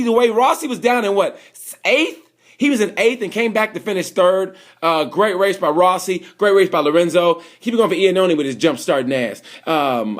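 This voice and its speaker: A man with a fairly high voice talks through a race review off the cuff. He rambles and repeats himself, now loud and excited, now dropping to a mutter. It sounds like a home camera recording. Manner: animated, rambling, swings loud and soft. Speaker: vlogger reviewing motorcycle races. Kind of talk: casual unscripted review.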